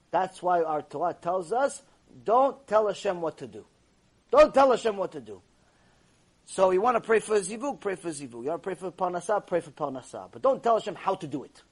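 A man with a high, husky voice gives a Torah lesson to a room of listeners. He tells stories with animation and mixes Hebrew terms into his plain talk. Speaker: rabbi teaching a class. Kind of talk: Torah class lecture. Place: classroom with a live audience.

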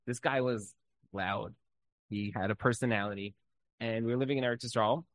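A man's voice: mid-range voice, fairly quick, dry recording, low-quality recording. A man teaching an informal Torah class, talking loosely with many fillers and telling stories with energy. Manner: conversational, many "like" fillers, lively storytelling.

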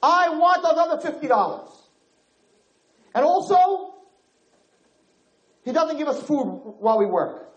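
A man's voice: very high voice, big pitch swings, unhurried, long pauses, echoey room, lo-fi sound, voice pushed up, heavily acted. A man voicing an aggrieved young male worker, the lost prince, who whines through a list of grievances. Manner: whiny, listing grievances.

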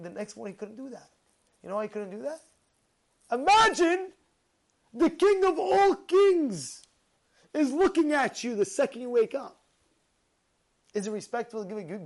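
Male speaker, informal sermon, animated and questioning, stumbles and repeats as he goes. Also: extremely high pitch, moderate pace. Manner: animated, full of rhetorical questions; repeats and restarts words. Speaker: religious speaker. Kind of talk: informal religious talk.

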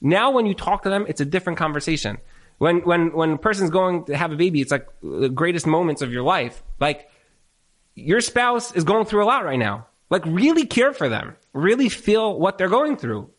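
Emphatic, higher-voiced man giving marriage advice. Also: sing-song, moderate pace. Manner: emphatic, repeats himself, rhetorical questions. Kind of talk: live talk with audience questions. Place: event room with an audience.

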